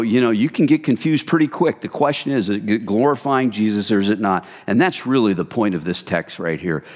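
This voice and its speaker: Pastor preaching with a long hall echo. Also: male voice, mid-range voice. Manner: conversational, animated storytelling. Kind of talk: sermon.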